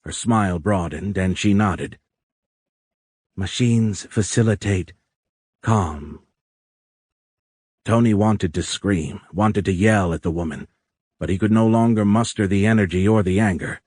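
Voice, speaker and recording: A man narrating an audiobook in a measured, even reading. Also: low-pitched, dry recording, studio quality.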